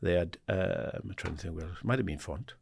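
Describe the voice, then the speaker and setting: A man in his sixties from England, a guest in an interview, telling animated stories and acting out the dialogue. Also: deep voice, fairly quick, creaky, slight background noise. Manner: animated anecdotes, acts out quoted dialogue, laughs often; swears casually, says "mate". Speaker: guest, former footballer and assistant manager. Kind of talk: casual storytelling interview.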